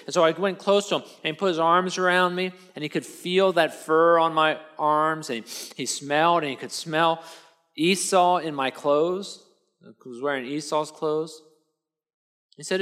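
At normal speed and with a fairly bright tone, a man with a somewhat high voice delivers a sermon as a first-person dramatic monologue. His storytelling is loose and conversational, full of restarts, and he keeps checking in with the listener through tag questions.

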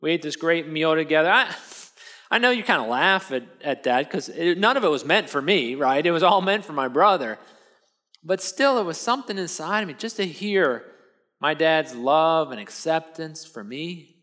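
Man, fairly high voice, first-person sermon monologue, chatty storytelling, tag questions, restarts. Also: lively intonation, moderate pace, pushed and bright.

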